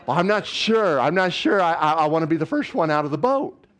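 Lively man preaching a sermon. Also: on the high side, a little fast. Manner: animated, swings between loud exclamations and hushed asides; asks the audience questions often. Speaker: pastor. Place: church.

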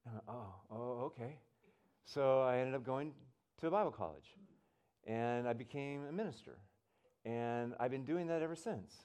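A pastor gives a sermon before a church congregation, telling animated stories and taking on the voices of the people in them. His mid-range voice is smooth and moderately paced.

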